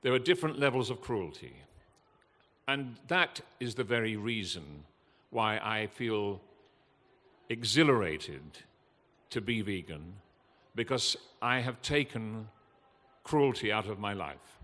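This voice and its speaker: An older man, giving an impassioned, earnest talk from a festival stage, halting with fillers now and then. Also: fairly low pitch, animated, fairly bright tone. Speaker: guest speaker at a festival. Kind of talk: emotional public talk. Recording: long hall reverb.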